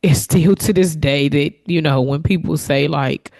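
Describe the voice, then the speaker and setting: A woman's voice: deep voice, unhurried, darkish tone. A woman hosting her own podcast, talking candidly and from the heart in a reflective solo monologue, with fillers and restarts. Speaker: podcast host.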